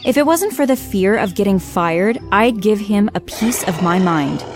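A woman narrating a scripted first-person story in a wry, lively way. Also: mid-range voice, moderate pace, music in the background.

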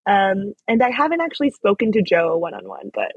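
Brief: young woman guest, chatty, lots of "like", quick husky delivery. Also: mid-range voice, animated, no echo, lo-fi sound. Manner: chatty, lots of fillers and likes. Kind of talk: casual storytelling.

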